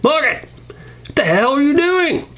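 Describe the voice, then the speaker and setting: A man voicing a hysterical male action-figure survivor in a comedic toy skit, yelling in frantic outrage. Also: extremely high pitch, sing-song, moderate pace, voice pushed up, full character voice. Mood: shrieking panic.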